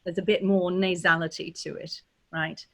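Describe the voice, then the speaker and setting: A woman with a Californian accent, teaching as a dialect coach and demonstrating sounds in a lively way, often checking in with "right?". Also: lowish voice, normal speed. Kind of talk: teaching pronunciation in a workshop.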